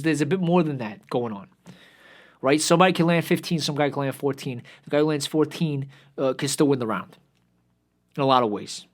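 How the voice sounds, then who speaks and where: A young man hosting his own show, ranting in a profane, exasperated way that sags at times into weary muttering. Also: mid-range voice. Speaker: podcast host. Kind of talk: ranting commentary.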